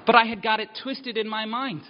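A man's voice: sits high, steady tone, a little fast. A man preaching a sermon, candid and self-mocking, speaking earnestly about needing help. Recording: dull sound with long hall reverb.

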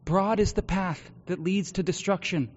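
A man preaching a sermon, earnest, moving between hushed confession and loud exhortation. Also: high voice, moderate pace. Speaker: pastor. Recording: dull lo-fi sound with long hall reverb.

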